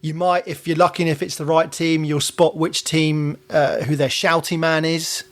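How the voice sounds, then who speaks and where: A man's voice: on the high side, level tone, moderate pace. A man, a stadium announcer hosting a casual podcast, chatty and often restarting his words.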